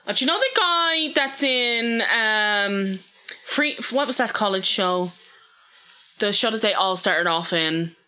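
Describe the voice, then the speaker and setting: A woman's voice: mid-range voice, expressive, slow pace, bright, forceful tone. A woman co-hosting a podcast, chatty, cutting in with blunt remarks. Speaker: podcast co-host. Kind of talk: casual chat.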